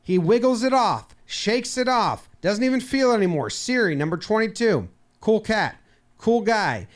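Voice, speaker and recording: High-voiced man joking through game clips. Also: sing-song, normal speed. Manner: playful, voices players in mock dialogue, swears. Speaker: baseball video commentator. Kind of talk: comedic sports breakdown over clips.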